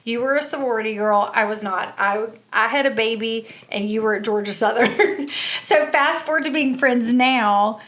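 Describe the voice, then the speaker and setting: A New Jersey woman hosts a casual podcast chat with a sassy, quick delivery and frequent laughter. She sounds a little tipsy from tequila shots, and her voice sits slightly higher than most. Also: fairly bright tone. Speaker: podcast host.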